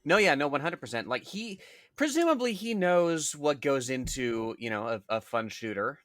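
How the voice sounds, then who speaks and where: A man co-hosting a podcast in casual chat, with dry, dark, sarcastic humor. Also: fairly high pitch, sing-song, moderate pace, no room sound. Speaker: podcast co-host.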